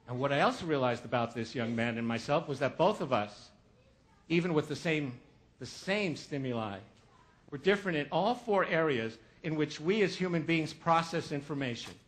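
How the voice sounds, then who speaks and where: Delivering a funny motivational keynote, this speaker narrates a story with comic asides and performs the voices of its characters. His voice leans high and a bit bright.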